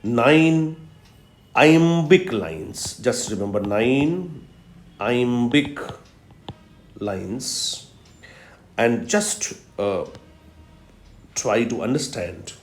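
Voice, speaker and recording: A man giving a recorded literature lecture, explaining patiently and repeating key terms slowly for emphasis. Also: medium pitch, expressive. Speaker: literature professor. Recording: roomy echo.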